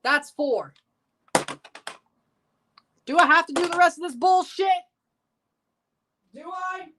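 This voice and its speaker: A woman streaming a sports watchalong, ranting with profanity and sarcasm and bursting into shouts. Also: extremely high pitch, slow, slight background noise. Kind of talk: live sports reaction rant.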